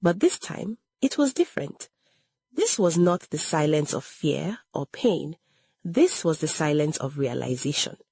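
A woman narrates a dramatic story slowly and deliberately, in a low, husky voice. Her pitch rises and falls a great deal, and the recording is dry and close. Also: sing-song, warm tone, dry recording. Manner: dramatic, measured.

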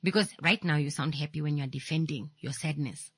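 A woman with a Namibian English accent hosting a casual radio talk show, animated and teasing. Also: deep voice, fairly quick, slightly rough, no room sound. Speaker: radio host.

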